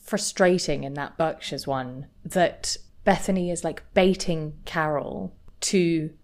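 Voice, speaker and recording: Animated woman podcast co-host. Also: low voice, slow. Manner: animated, laughing, acts out quotes. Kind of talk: casual chat.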